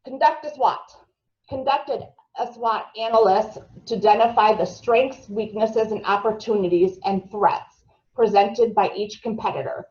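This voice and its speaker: A woman's voice: mid-range voice, measured pace, a little mellow, lo-fi sound. A woman giving a marketing training session to a live group, chatty and asking the room questions, sometimes stumbling over her words.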